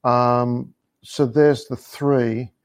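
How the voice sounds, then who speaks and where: A man talking casually about football as a podcast guest, chatty and quick to laugh, often restarting his sentences. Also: medium pitch, fairly even intonation, clear, resonant tone, no room sound. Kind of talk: casual chat.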